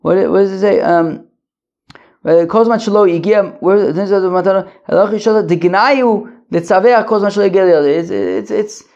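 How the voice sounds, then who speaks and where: A man's voice: high-pitched, gravelly, a little mellow. Guy pacing around going through talmud lines, stop-start, muffled recording. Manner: halting, many restarts and fillers, Yiddish-flavored study terms. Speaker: Talmud teacher. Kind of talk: daily Talmud lesson, translating line by line. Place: pacing at the edge of a wedding hall.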